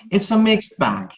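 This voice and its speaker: A man's voice: high-pitched, slightly rough. A man whose first language is Hungarian, co-hosting a casual English-learning chat on a live stream, often repeating his words and laughing.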